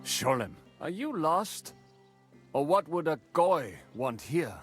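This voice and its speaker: A man's voice: on the high side, big pitch swings, takes it slowly, soft background music. Wary, curt townsman. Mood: guarded. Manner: curt, suspicious, guarded. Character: wary, bitter adult male Jewish townsman. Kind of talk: game dialogue.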